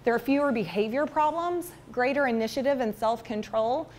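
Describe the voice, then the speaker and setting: A woman's voice: a little high, normal speed, a little mellow, slight background noise. A woman, a counselor giving a chatty, self-deprecating talk to parents in a school meeting room. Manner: chatty and self-deprecating, acts out funny stories. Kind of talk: lively public talk to parents.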